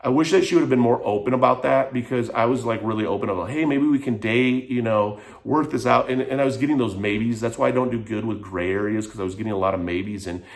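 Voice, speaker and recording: A man's voice: on the low side, fast, gravelly, hardly any pauses. A man frankly telling a personal story in a vlog, emotional and rambling, with lots of "like". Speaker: vlogger.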